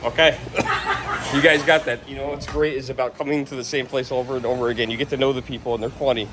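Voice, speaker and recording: A man's voice: medium pitch, steady tone, fast talker, music in the background. A man talking casually to camera in a rambling, chatty way, often chuckling between stories. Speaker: vlogger.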